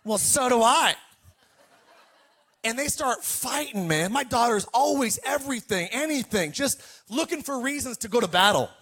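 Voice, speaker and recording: High-voiced animated male pastor preaching. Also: moderate pace. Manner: animated storytelling, calls to the congregation. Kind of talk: sermon.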